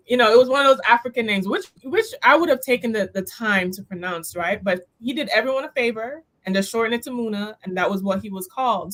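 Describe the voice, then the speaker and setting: Sassy woman panel guest, playful, mid pitch. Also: a bit bright, rough recording. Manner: sassy, says "honey". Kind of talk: casual panel discussion.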